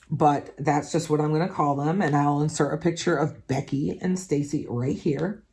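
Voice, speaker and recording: A woman's voice: sits low, darkish tone. A woman hosting a diamond painting channel, chatting casually and candidly while she works, with the odd swear word. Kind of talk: casual chat while crafting.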